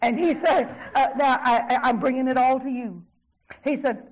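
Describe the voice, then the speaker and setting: An older woman preaches with fervor, her voice sitting high. She swings from drawn-out shouts down to hushed asides and keeps repeating exclamations of praise. The recording sounds dull and lo-fi. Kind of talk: sermon.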